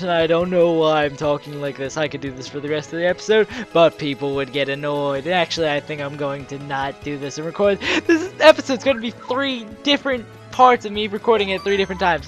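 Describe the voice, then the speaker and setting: A woman hosting a let's play, chatting casually and joking about her own reading and voices. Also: deep voice. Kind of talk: casual game commentary.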